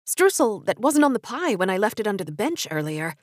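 A young adult woman telling a first-person story with expressive storytelling narration. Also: medium pitch, brisk, no echo, clean studio sound.

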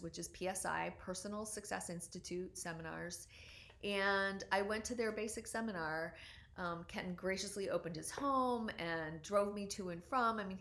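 A woman's voice: fairly low pitch, a bit bright. Earnest woman in her forties, storytelling. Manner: earnest and reflective, frequent ums and restarts. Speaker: doctor sharing her personal story. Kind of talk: personal storytelling talk.

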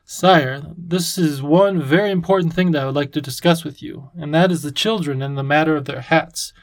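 A man voices a kind, courteous old professor who speaks gently and with measured politeness. His pitch is slightly high, and his delivery sounds natural. The recording is dry and close.

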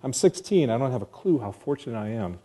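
An American man tells a personal story to an audience in vivid present tense. He is earnest and quick to poke fun at himself. His voice is mellow and warm, at an ordinary pitch. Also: lively intonation, breathy edge. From United States. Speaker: speaker telling a personal story.

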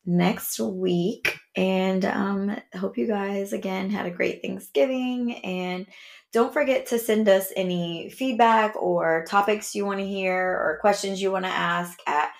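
A woman's voice: medium pitch, steady tone, measured pace, creaky. A woman with a New Orleans accent co-hosting a podcast, talking bluntly and profanely in casual chat and laughing often. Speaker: podcast co-host.

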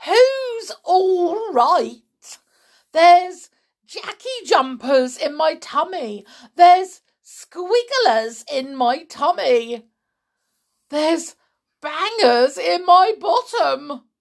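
A woman voicing a cranky old grandmother who yells shrilly in a storybook reading. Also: very animated, extremely slow, heavily acted. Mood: outraged shrieking. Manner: shrill yelling.

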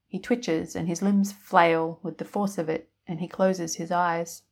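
A woman storyteller narrating a piece of fiction in a calm, even way. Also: on the low side, a little slow, gravelly, few pauses.

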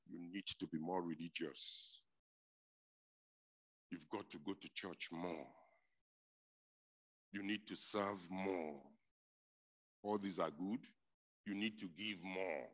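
A man with a low, deep voice preaching a sermon. His tone is bright and forceful. He repeats his key points for emphasis and swings between hushed stretches and loud, driving ones.

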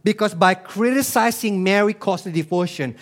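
High-voiced preaching man. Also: moderate pace. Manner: emphatic preaching with rhetorical questions. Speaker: pastor. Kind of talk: sermon.

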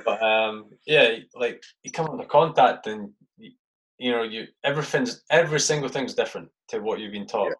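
A man's voice: mid-range voice, normal speed, fairly bright tone, low-quality recording. A man hosting a casual interview, rambling about infantry life with lots of "like" and swearing. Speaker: podcast host, ex-soldier.

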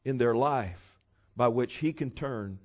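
Guy preaching a sermon, tells stories, gets loud and punchy at the big points. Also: mid-range voice, slow pace. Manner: storytelling, rising to loud emphatic peaks.

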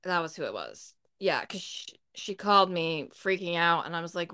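A woman's voice: on the low side, very animated, normal speed, sharp tone. A woman co-hosting a podcast, telling a personal story in a candid, blunt way and swearing freely. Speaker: podcast co-host. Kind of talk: casual storytelling.

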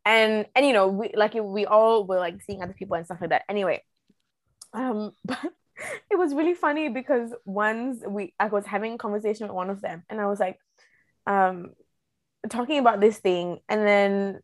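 A young woman, a guest on a podcast, rambling through her stories with bursts of laughter and constant "like" and "um." Her voice is mid-pitched and recorded dry and close. She talks in loose, chatty bursts. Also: normal speed, no room sound. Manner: giggly, rambling, many "like" and "um" fillers. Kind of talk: casual podcast chat.

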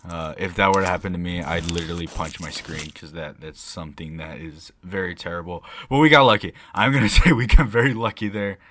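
A young man co-hosting a casual podcast, telling a rambling story with lots of swearing and excitable bursts. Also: sits low, fairly quick, few pauses. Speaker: podcast co-host. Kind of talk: casual chat.

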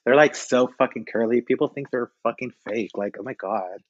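Male podcast guest: loose, joking, profane chat; mid pitch, dull dry audio. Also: brisk, dry recording. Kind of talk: casual chat.

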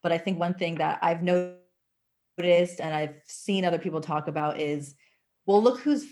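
A woman's voice: fairly low pitch, moderate pace. A woman speaking frankly and with animation in a casual conversation, using "like" a lot. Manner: animated, frank, heavy use of "like".

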